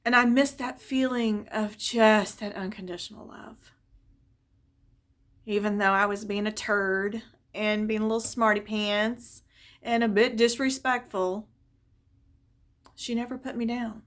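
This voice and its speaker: This is a woman vlogging casually about her own family history, expressive and talkative, becoming wistful while she reflects. Her pitch is mid-range and her delivery runs a little slow.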